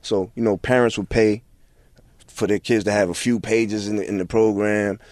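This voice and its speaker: A man's voice: fairly low pitch, little pitch movement, moderate pace, a little mellow, no room sound, studio quality. A man in his forties, a guest in a casual interview, talking in a laid-back way with lots of filler phrases. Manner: laid-back, many "you know what I'm saying" fillers. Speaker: guest rapper.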